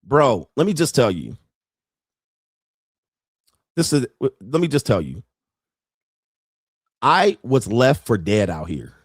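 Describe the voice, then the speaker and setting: A man's voice: medium pitch, very animated, slow pace, long pauses, no room sound, studio quality. A man hosting a podcast, ranting in a heated, profane, preachy way and repeating lines for emphasis. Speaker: podcast host. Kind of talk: ranting monologue.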